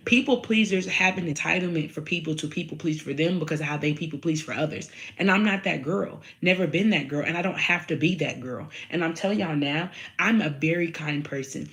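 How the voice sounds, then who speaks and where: A woman with a low, deep-set voice speaks straight to her viewers. She is blunt and profane, slips into slang and repeats her points again and again until they land. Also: brisk, few pauses, a bit bright. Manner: addresses viewers directly, slangy. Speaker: vlogger. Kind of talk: candid monologue to camera.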